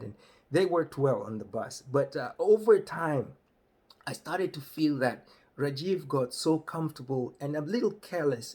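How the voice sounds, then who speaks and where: A man from Kenya telling a comic story on stage in a husky, mid-pitched voice. He tells it with energy and acts out the people in it. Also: darkish tone. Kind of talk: stand-up storytelling.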